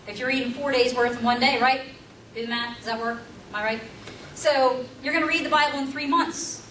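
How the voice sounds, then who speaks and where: A woman's voice: high voice, fairly bright tone. A middle-aged woman giving a conversational teaching seminar, emphatic and full of rhetorical questions to her audience. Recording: roomy, distant mic, faint background hum.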